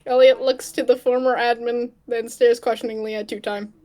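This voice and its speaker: A woman's voice: on the high side, level tone, normal speed, dark tone. A woman narrating her own fanfic aloud, playful and teasing with her friends between lines. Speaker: narrator and fic author. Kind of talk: casual fanfic reading with friends.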